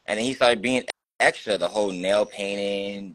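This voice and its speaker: Low-voiced guy on a live stream, blunt and cussing, dry close sound. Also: steady tone, brisk, fairly bright tone, no room sound. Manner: blunt, profane and combative; quotes others in mocking tones. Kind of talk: casual live-stream chat.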